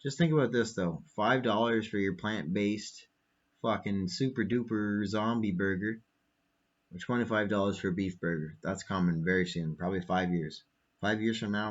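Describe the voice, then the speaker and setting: Low, husky man ranting profanely. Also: dull audio. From Canada. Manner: profane, angry, rambling. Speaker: podcast host. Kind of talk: late-night ranting monologue. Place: small apartment.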